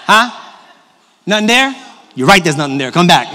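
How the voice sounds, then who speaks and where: High-voiced pastor preaching in a reverberant hall. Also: male voice, a little slow, background noise. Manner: animated, personal, jokes with the congregation. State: slightly hoarse from a cough. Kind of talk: sermon. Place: large church auditorium. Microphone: handheld microphone. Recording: long hall reverb from a large church.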